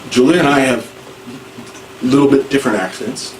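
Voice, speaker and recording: Distant teacher in an echoey classroom. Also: male voice, mid-range voice, a little fast. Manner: informal, repeats and restarts, acts out examples. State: hard of hearing. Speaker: ESL teacher. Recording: echoey room, far from mic, faint noise.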